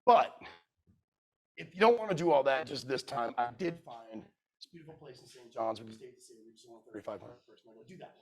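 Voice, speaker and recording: Animated male storyteller at a conference. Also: mid-range voice, fast. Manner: animated storyteller acting out dialogue. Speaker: keynote speaker. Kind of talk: storytelling sales talk. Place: conference room.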